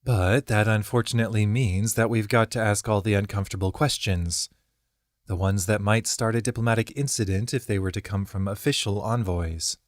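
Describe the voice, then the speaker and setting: A man's voice: fairly low pitch, moderate pace, dry recording, clean studio sound, natural voice. A man voicing a blunt, wry young woman adventurer in an audiobook. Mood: guarded.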